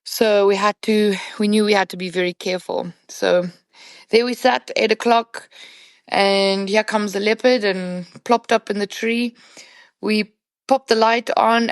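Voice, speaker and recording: Speaking at a medium pitch, this woman guest on a podcast, who guides hunts professionally, animatedly recounts a night hunt in chatty storytelling sprinkled with "you know." The audio is dry.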